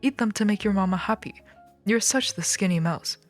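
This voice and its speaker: A woman's voice: medium pitch, fairly quick, faint music behind, pitched above the performer's own voice, lightly acted. Whiny mama mouse guilt-tripping her son, storybook voice from a woman reader. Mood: reproachful. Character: fussy mother mouse, whiny and reproachful.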